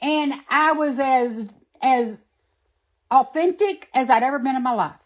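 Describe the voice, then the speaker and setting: A woman being interviewed, telling a personal story in an animated, emphatic way. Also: high-pitched, a little slow, lo-fi sound. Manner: animated, emphatic, acts out quoted voices.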